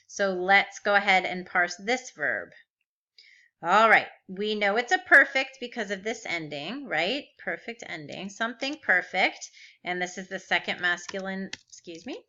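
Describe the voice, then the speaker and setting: A woman's voice: medium pitch, sharp tone, muffled recording. A woman teaching a recorded grammar lesson, patiently walking through verb forms step by step and asking rhetorical questions. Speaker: Biblical Hebrew teacher.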